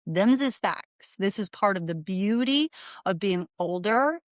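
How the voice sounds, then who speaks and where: A woman's voice: mid-range voice, expressive, measured pace, no echo. A middle-aged woman hosting a podcast, talking in a chatty, rambling way full of "like" and asides. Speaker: podcast host. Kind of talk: casual solo podcast monologue.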